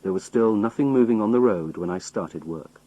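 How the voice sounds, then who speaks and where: A man narrating a simplified novel in a plain, measured storytelling manner. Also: fairly low pitch, dark tone, muffled recording. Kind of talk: reading a simplified novel aloud.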